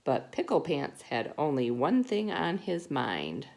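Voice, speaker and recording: A woman teacher reading a picture book aloud to preschoolers, animated and playful. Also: deep voice, measured pace, creaky. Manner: animated, acts out character voices. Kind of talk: children's storybook read-aloud.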